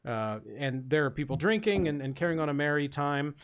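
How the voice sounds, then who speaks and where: A man running a tabletop game as dungeon master, describing scenes in a loose, chatty way. His voice sits a little high for a man, and he fills pauses with plenty of ums and uhs. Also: lively intonation, smooth. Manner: chatty, filler-heavy, laughing easily.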